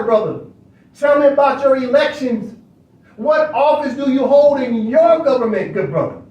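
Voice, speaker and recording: An adult man with a very high voice hosts an online study session, lecturing in a casual, preachy manner and repeatedly circling back with rhetorical questions. He sits well back from the mic in an echoey room.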